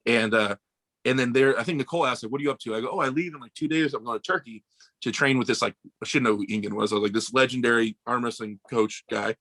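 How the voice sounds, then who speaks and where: Fast, bright-voiced young American man. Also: medium pitch, no echo. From United States. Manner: animated, swearing, acts out quoted voices. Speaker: podcast guest. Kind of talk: casual storytelling chat.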